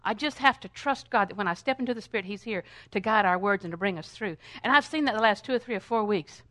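Clean studio sound with no echo captures an older woman talking quickly in a mid-range voice. Her Bible lesson takes the form of a fervent sermon, shifting from loud praise to quiet asides and breaking into song and prayer.

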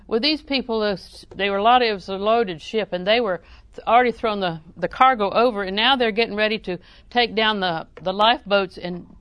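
A middle-aged woman preaching a sermon in a folksy, humorous way, often chuckling and breaking into loud acted exclamations. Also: mid-range voice, brisk, few pauses, clean tone, no echo.

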